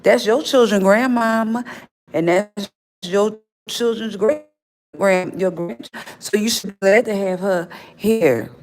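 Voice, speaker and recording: A woman's voice: medium pitch, slow pace, a little mellow. A woman on a phone livestream, ranting straight at an absent person in a confrontational, scolding, repetitive way. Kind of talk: livestream rant.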